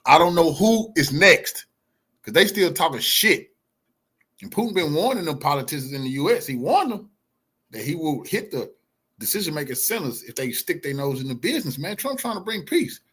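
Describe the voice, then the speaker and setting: A man reacting to a news clip in a loud, mocking, slangy rant that swings between shouting and muttering. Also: fairly high pitch, big pitch swings, fairly quick, breathy edge. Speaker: reaction streamer. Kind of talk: ranting reaction commentary.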